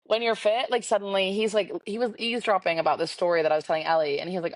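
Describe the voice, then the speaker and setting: A woman's voice: medium pitch, racing, dry recording. A woman, telling a dating story as a podcast co-host and acting out the quoted dialogue. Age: 20s. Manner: chatty, animated, acts out quoted dialogue. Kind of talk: casual storytelling chat. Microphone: video call.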